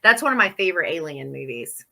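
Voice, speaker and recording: A woman's voice: low voice, very animated, fast talker, gravelly, pushed and bright. A woman co-hosting a horror podcast, chatting casually about movies with many fillers and frequent laughs. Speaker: podcast co-host. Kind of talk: casual chat.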